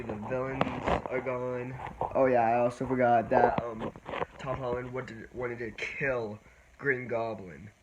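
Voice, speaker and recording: Slow rambling man, noisy background. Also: mid-range voice, highs cut off. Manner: rambling, halting, many restarts and "and then"s. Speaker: vlogger. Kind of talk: casual spoiler movie review.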